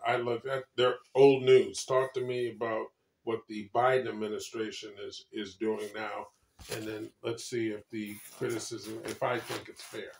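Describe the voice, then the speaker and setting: A man's voice: lowish voice, little pitch movement, normal speed. A man hosting a casual political chat, blunt and prodding, repeating his points. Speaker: podcast host. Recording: echoey room.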